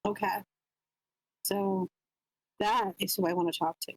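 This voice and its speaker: A woman's voice: medium pitch, fairly even intonation, unhurried, a little mellow, no echo, rough recording. A woman player in a tabletop horror game, talking casually and hesitating with uhs.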